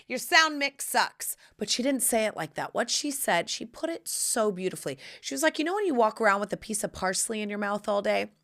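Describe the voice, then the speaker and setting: Loud, theatrical woman podcast host. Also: medium pitch, big pitch swings, fast talker, few pauses. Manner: loud, theatrical, swings from shouts to whispers; sassy, calls listeners honey. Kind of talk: casual solo podcast chat.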